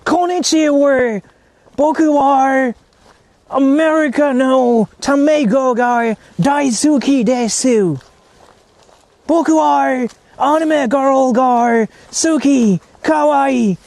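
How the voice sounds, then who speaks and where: A man's voice: very high voice, flat delivery, a little slow, dark tone, no echo, voice pushed up. A man voicing an eager, nerdy American fanboy who mangles Japanese pronunciation. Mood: gushing. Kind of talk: mocking impression on a live stream.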